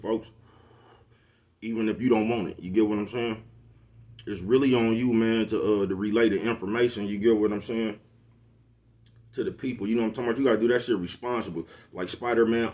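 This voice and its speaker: A middle-aged man speaks to his camera in a low voice. He lectures like a preacher and keeps asking if you know what he's talking about. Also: dark tone. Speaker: social media commentator. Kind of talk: casual monologue to camera.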